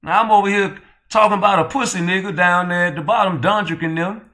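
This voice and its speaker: Man, channel host, heated profane rant, mocking, bright tense tone. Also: sits high, fast. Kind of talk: heated roast commentary.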